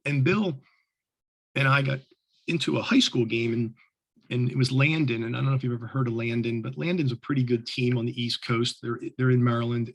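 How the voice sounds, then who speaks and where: A middle-aged man, a lacrosse official, telling stories to fellow officials in an animated way with many restarts. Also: medium pitch, slightly rough. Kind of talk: storytelling talk to officials.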